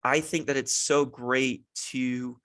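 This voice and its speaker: A young man talks through his parenting thoughts on his own podcast, earnest and reflective. His voice sits at an ordinary middle pitch and he leans on casual fillers. The sound is dry and close, with no room around it. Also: fairly even intonation, slow, fairly bright tone, smooth, no room sound. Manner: earnest, thoughtful, many "you know" fillers. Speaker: podcast host, father. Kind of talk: reflective solo podcast monologue.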